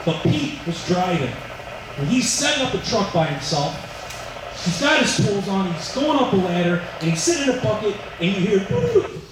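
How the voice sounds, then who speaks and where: Giving a dedication speech in a large indoor room at a fire training center, a firefighter with a fairly high voice tells firehouse stories, acting out others' voices in quotes. He speaks at normal speed with big pitch swings, heard from far off in a very echoey hall over faint noise.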